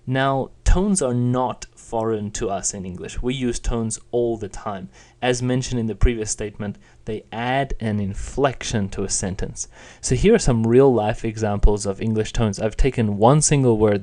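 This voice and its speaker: A man's voice: fairly low pitch, unhurried, a little mellow. A young man giving a patient, plain spoken lesson, explaining and demonstrating intonation. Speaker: Chinese teacher.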